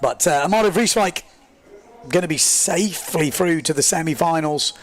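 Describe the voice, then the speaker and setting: Chatty higher-voiced male race commentator. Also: moderate pace. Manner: excitable, chatty, self-deprecating, rambling with fillers. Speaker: livestream sports commentator. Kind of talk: live race commentary and reading chat.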